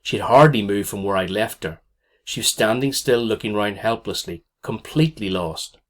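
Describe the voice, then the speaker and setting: A man's voice: lowish voice, normal speed. A man narrating a first-person story aloud as an audiobook reader, in a tense, dramatic way.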